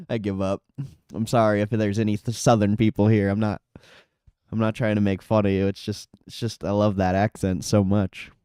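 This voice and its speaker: A man's voice: on the low side, level tone, moderate pace, long pauses, dark tone, smooth, dry recording, studio quality. A man streaming live, chatting casually with his chat, laughing often and swearing freely. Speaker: livestreamer reading chat. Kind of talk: casual live chat about stock trading.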